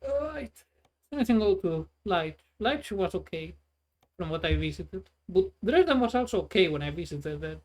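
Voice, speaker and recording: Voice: medium pitch, animated, moderate pace. A streamer chatting casually while playing a trucking game, rambling and sarcastic, swearing freely. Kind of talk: casual gameplay chat.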